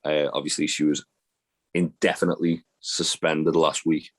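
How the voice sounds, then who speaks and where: A man's voice: very deep voice, little pitch movement, normal speed. A man co-hosting a podcast, rambling and profane in fond, casual banter. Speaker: podcast co-host. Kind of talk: casual chat.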